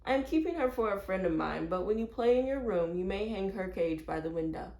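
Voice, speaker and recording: A woman's voice: medium pitch, lively intonation, fairly quick, darkish tone, close to an everyday voice. A woman voicing a worried, polite mother in a read-aloud storybook. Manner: fretful, polite. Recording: roomy echo.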